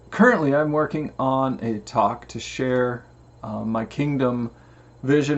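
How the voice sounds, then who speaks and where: Man telling a heartfelt storytelling talk. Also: medium pitch. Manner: storytelling, acts out quoted voices. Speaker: Christian family coach. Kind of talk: casual inspirational talk. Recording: slightly dull lo-fi recording.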